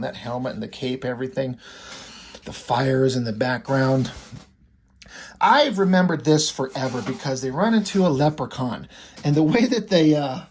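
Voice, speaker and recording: A man's voice: fairly high pitch, husky. A man reviewing a comic book in a loose, rambling way, with restarts, fillers and casual swearing.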